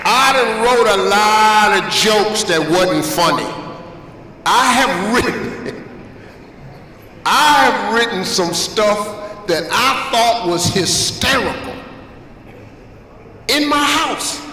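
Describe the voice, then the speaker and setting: A man delivering a motivational talk to students in a slow, deliberate way. His voice sits high and sounds bright and forceful. He is heard from a distance across a large, reverberant auditorium. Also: slight background noise. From United States. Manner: emphatic, preacherly, repeats phrases for effect. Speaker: guest speaker. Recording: echoey hall from far off.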